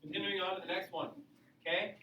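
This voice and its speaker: A man's voice: high voice, steady tone, fast, sharp tone. A man teaching a geometry lesson to a class, explaining patiently and checking in with "okay?" after each point. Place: classroom with students. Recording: echoey classroom, mic far off, faint noise.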